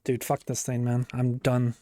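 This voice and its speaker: A man's voice: mid-range voice, monotone, normal speed, mellow. A man live-streaming as he builds a model set, talking casually and muttering to himself, often swearing and breaking off mid-sentence. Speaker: livestreamer.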